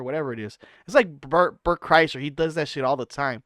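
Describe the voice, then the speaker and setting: A man's voice: a little high, fairly quick, a bit bright, no echo, studio quality. A man hosting a reaction channel, giving blunt, mocking casual commentary and acting out quotes.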